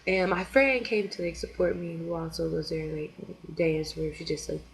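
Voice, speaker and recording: A woman in her twenties at home, telling a story to camera in a chatty, excitable way full of "like" and "you know". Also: lowish voice, normal speed, slightly rough, rough recording. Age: 20s. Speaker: vlogger.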